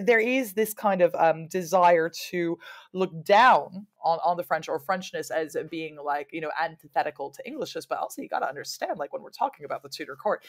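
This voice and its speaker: A London-dwelling woman historian with a low voice is a guest in a casual interview, talking animatedly and digressively, laughing quickly, and slipping into playful mock quotes.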